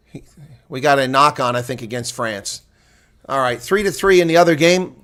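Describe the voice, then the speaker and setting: In a mid-range voice, a man delivers live rugby play-by-play, talking fast through the action. He chats with viewers and shouts on big plays.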